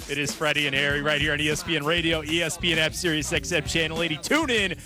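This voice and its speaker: A man's voice: a little high, fast talker, hardly any pauses, music in the background. A man co-hosting a sports radio show, talking energetically and introducing segments. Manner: energetic, animated.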